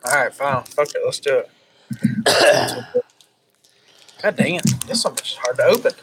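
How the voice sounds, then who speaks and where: Lively wry podcast co-host man. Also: mid-range voice, measured pace, background noise. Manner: laid-back, swearing, wry. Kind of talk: casual podcast banter.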